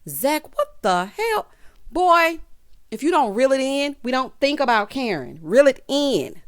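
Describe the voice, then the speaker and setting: Sassy woman with a lively voice. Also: sits high, unhurried, clear, resonant tone. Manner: sassy, expressive, calls viewers honey and child. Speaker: TV recap reviewer. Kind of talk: casual recap commentary.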